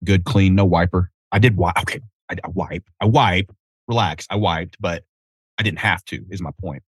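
A man in his thirties from Tennessee, hosting a casual solo podcast outdoors, telling animated, profane stories. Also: deep voice, moderate pace, husky, no room sound. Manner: animated storytelling with cursing and self-interruptions. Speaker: podcast host.

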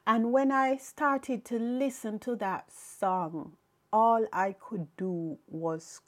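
Woman podcast host, earnest testimony, higher voice, slow unhurried delivery. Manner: earnest, reflective storytelling with soft laughs. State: tearful, emotional. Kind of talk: personal faith testimony.

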